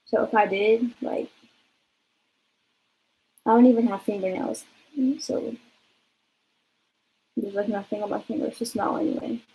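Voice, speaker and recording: Young female vlogger, husky voice, mid pitch; chatty, swears a lot, loose storytelling. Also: flat delivery, measured pace, long pauses, mellow, rough recording. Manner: rambling, profane, lots of 'like'. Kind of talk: casual storytime vlog.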